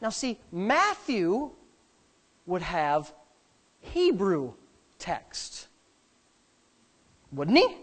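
A man's voice: high voice, drawn-out words, long pauses. A male pastor preaching a sermon to a congregation, joking with them and breaking in with hallelujahs. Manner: animated, jokes with the congregation; punctuates with hallelujah and praise God. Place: church before a congregation.

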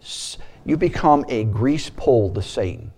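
A man preaching a sermon as a pastor, animated and mixing in joking asides. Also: medium pitch, unhurried.

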